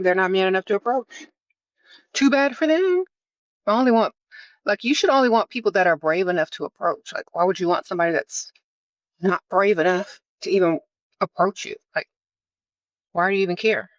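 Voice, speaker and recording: A woman's voice: mid-range voice, fairly quick, no echo. Sassy woman on a dull lo-fi clip. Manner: sassy, dismissive.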